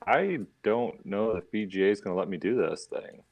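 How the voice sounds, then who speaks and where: A man's voice: on the low side, lively intonation, normal speed, creaky, muffled recording. A man in a casual online game chat, wryly complaining about his computer. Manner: wry, joking complaints. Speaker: podcast co-host.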